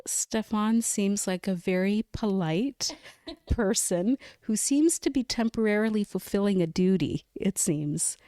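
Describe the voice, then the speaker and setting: A woman guest on a podcast, reading chapters of a novel aloud in a careful, measured way. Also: medium pitch, expressive, dark tone, no echo, clean studio sound.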